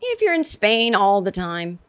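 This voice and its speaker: A woman's voice: medium pitch, wildly swooping pitch, unhurried, clean tone. A woman hosting her own comedy podcast, talking solo in a rambling, sarcastic way with many restarts and asides. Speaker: podcast host.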